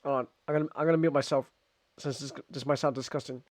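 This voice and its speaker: A man's voice: medium pitch, fast talker, dry recording. A man streaming a visual novel, reading the narration aloud and chatting casually, repeating himself as he goes. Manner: rambling and animated, repeats words.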